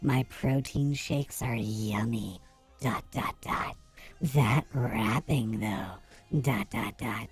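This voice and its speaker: A man doing a sultry woman's voice through a voice-changing effect, reading a flirty love note slowly and breathily. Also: mid-range voice, slightly rough, faint music behind, voice pushed down, heavily acted. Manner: slow, drawn-out sultry delivery. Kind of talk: comic dramatic reading.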